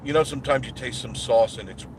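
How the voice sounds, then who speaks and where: A man's voice: medium pitch, quick pace. A man hosting a live stream from his car, chatting with viewers in a rambling, folksy way. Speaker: channel host. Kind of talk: live-streamed driving chat. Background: car and road noise.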